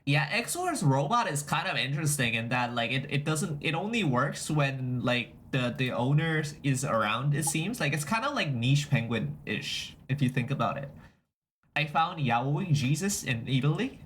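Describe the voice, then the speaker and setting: A man's voice: medium pitch, big pitch swings, moderate pace, fairly bright tone, slight background noise. A young man streaming, chatting casually, reacting to chat and repeating and restarting his phrases as he goes. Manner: reacts to chat messages aloud.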